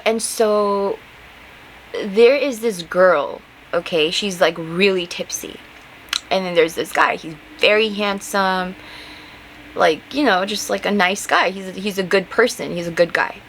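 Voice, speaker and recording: A young woman hosts her own show and tells a story in a loose, rambling way. She sounds exasperated and heated, fires off rhetorical questions and fills her speech with "like" and "okay". Her voice sits at a middle pitch, with faint noise behind it. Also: a bit bright, rough recording. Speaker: podcast host. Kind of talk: casual storytelling monologue.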